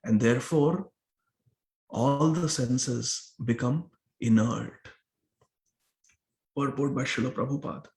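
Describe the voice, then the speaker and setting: A man's voice: mid-range voice, slow, long pauses, darkish tone. A man giving a scripture class sermon in a temple hall, explaining a verse word by word and repeating phrases for emphasis. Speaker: temple lecturer. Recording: roomy echo of a hall.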